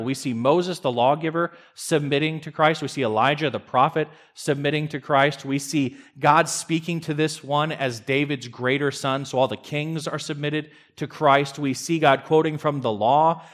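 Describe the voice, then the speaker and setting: A pastor delivers a sermon earnestly, raising his voice for emphasis, then letting it sink low. Now and then he stammers and starts a line over.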